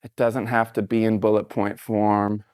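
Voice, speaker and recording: A middle-aged man with a fairly low voice speaks to a live audience in an easygoing motivational talk. He is encouraging and conversational, with plenty of fillers. The sound is dry and close, with little room echo. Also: flat delivery, normal speed, a little mellow, clear, resonant tone. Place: stage before a live audience.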